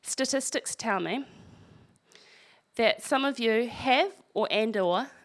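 A woman's voice: on the high side, takes it slowly. A woman preaching a sermon, reading scripture aloud and breaking in with wry, conversational asides.

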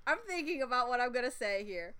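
A woman's voice: a little high, animated, quick pace, sharp tone, clear, resonant tone. A young woman co-hosting a podcast in casual chat, giggly and teasing. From United States. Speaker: podcast co-host.

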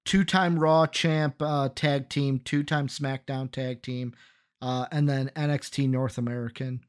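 A man's voice: mid-range voice, steady tone, unhurried, clean tone. A man co-hosting a wrestling podcast in casual chat, reeling off facts and giving blunt opinions. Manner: lists facts matter-of-factly, blunt opinions. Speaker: podcast co-host.

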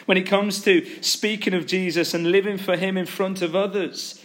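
A man preaching a sermon, retelling a story with animated, acted-out quotes. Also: high voice, moderate pace.

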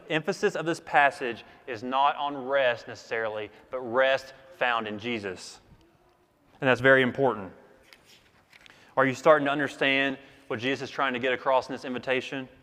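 A man's voice: medium pitch, fairly bright tone, long reverb tail. A man preaching a sermon in an earnest, emphatic way, repeating key phrases for weight. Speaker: pastor.

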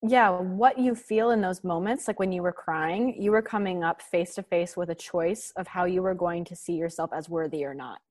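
A woman talking earnestly on a podcast, encouraging listeners in gentle spiritual language. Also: on the low side, moderate pace, few pauses, dry recording. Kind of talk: reflective podcast conversation.

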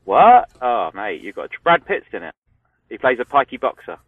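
A man with a London accent, a podcast co-host chatting casually and telling animated stories, acting out what people said. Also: medium pitch, moderate pace, breathy edge, dry recording. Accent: London English. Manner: animated storytelling, acts out quotes. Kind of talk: casual chat. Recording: tinny phone-like line, dry.

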